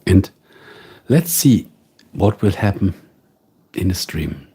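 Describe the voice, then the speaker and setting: A man with a German accent hosting a casual live stream from home, musing slowly and greeting viewers by name. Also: deep voice, animated, mellow, husky. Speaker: livestream host.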